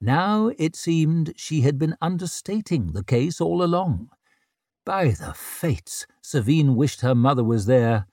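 A man narrating an audiobook with expressive storytelling. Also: a little high, unhurried, hardly any pauses, dry recording. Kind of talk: scripted narration. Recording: dry close studio sound.

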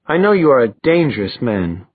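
A man's voice: medium pitch, sing-song, fairly quick, breathy edge, no echo. A man voicing a bold, teasing young woman in an audiobook, playful and theatrical. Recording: dry, phone-like thin sound.

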